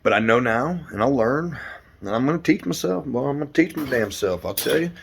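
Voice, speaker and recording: A man's voice: medium pitch, animated, fairly quick, gravelly, breathy edge. A man, a roofer and hobby car builder, rambling and cursing through a casual workshop vlog from his garage, filmed on a phone. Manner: rambling, profane, frustrated. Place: home garage.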